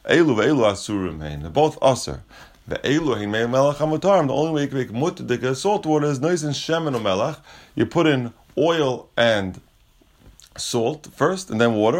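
A man teaching a Talmud lesson, reading Aramaic lines and explaining them casually in English. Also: mid-range voice. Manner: casual, restates points, frequent restarts.

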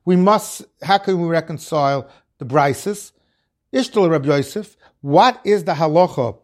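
A man's voice: high voice, darkish tone. A man giving a Talmud lecture, reading the Aramaic phrases and explaining each one in English. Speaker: Talmud teacher. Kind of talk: Talmud lecture, translating line by line.

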